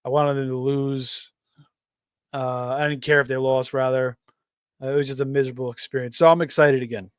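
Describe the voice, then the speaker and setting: A man's voice: medium pitch, steady tone, brisk, clear, resonant tone, no echo, studio quality. A man hosting a live fantasy football stream, talking casually with many fillers and restarts while reading out chat messages. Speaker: fantasy football livestream host.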